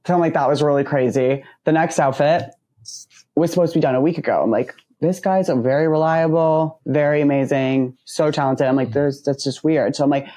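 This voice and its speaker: A podcast co-host with a mid-pitched voice, talking in casual chat. The story comes out animated, with the quoted back-and-forth acted out along the way. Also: brisk.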